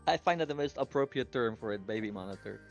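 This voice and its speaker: Casting: thoughtful player, casual musing. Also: male voice, fairly low pitch, animated, fast, gravelly, over music. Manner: musing, trailing off. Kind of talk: casual chat.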